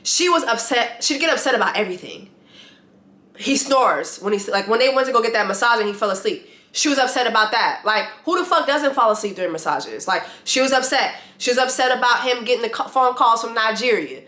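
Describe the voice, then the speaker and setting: A woman with a bright, fairly high voice, ranting bluntly about a reality show and swearing freely. She talks in an animated, casual vlog style. The room adds a noticeable echo. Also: a little fast. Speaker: vlogger reviewing a reality show. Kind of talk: casual opinionated vlog rant. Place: lives in Atlanta.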